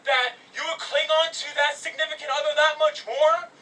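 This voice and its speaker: A young man ranting in exasperation, shouting exclamations and then dropping to a mutter. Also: extremely high pitch, fairly even intonation, moderate pace, distant mic, low-quality recording. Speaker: vlogger. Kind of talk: angry rant.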